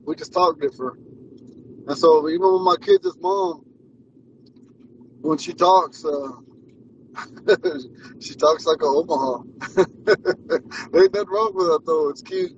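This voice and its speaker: A man's voice: on the high side, slow, pauses often, a little hiss or hum. A man in his forties, a language teacher, telling rambling stories in a casual lesson. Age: 40s. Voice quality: rambling, repeats himself and restarts. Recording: muffled sound from far off the mic.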